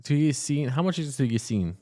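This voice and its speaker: Animated man ER nurse podcast co-host. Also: mid-range voice, fast talker. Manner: animated storyteller, says "dude" and "like". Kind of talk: casual chat.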